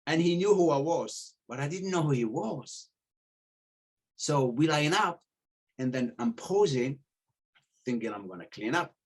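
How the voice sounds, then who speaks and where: A middle-aged man telling stories in casual chat, animated, acting out the voices of the people he quotes and swearing freely. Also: on the high side, measured pace, pauses often, husky. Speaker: podcast guest telling stories.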